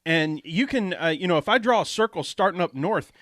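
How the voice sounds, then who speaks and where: A man's voice: high voice, lively intonation, fairly quick, fairly bright tone, dry recording. A man hosting a podcast, telling stories in a laid-back way with lots of fillers. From Atlanta area, US. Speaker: podcast host. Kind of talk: casual podcast chat. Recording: dry close mic.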